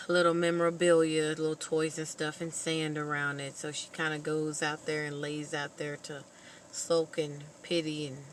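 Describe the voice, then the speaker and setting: A woman vlogger casually retelling a movie plot in an animated, expressive storytelling manner. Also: sits low, slight background noise, rough recording.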